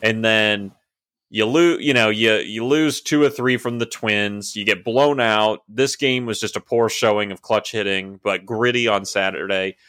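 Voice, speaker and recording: A man's voice: on the low side, a little slow, fairly bright tone, smooth, no room sound, clean studio sound. A man co-hosting a baseball podcast, reading out stats and chatting casually with fillers. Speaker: podcast co-host. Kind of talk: casual sports podcast chat.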